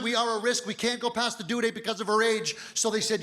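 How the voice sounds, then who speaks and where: A man in his fifties performing a stand-up comedy set, telling stories loudly and physically and shouting his punchlines. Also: high voice, steady tone, fast, few pauses. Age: 50s. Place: comedy club stage. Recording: live hall reverb with faint noise. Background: audience laughter.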